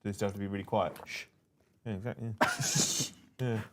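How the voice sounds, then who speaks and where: A man's voice: lowish voice, fairly even intonation, fairly quick, background noise. A man from England co-hosting a casual livestream, reading super chats aloud in a jokey, playful way. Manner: jokey, playful, tries silly accents.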